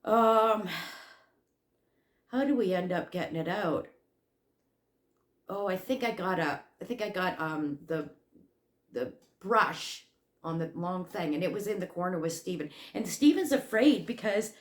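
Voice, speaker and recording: A woman with a somewhat low voice, telling a story at an unhurried pace for her crochet channel. She rambles and restarts, filling gaps with ums and uhs. The room around her is echoey. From Canada. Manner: rambling, animated retelling with many fillers and restarts. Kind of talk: casual storytelling vlog.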